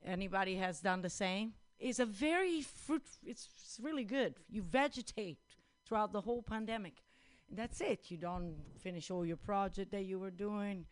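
A woman's voice: a little high, a bit bright. Crude rambling woman doing stand-up. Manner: crude, rambling, self-deprecating. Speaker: stand-up comedian. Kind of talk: open-mic stand-up set.

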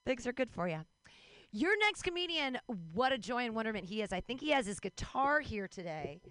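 Brief: playful female emcee, bright and crisp, dry studio sound. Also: a little high, sing-song, brisk, no echo. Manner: bubbly, playful. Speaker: open mic emcee. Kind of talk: introducing comedians.

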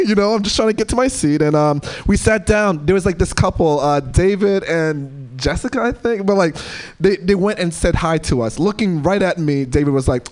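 New york guy doing standup, high voice, rambly with lots of um and like. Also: expressive, normal speed, darkish tone. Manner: rambling, full of fillers. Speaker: comedian. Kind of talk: stand-up storytelling.

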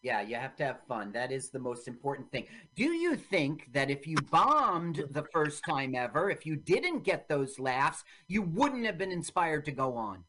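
A woman's voice: low-pitched, very animated, normal speed, few pauses, a bit bright. A woman hosting a radio interview, prompting her guest with questions and short affirmations. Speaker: radio show host.

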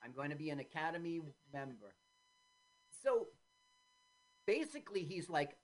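Woman host, lower voice, very lively pitch, acts out quotes, casual film chat. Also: moderate pace, long pauses. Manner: animated storyteller, acts out quotes in loud voices. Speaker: podcast host.

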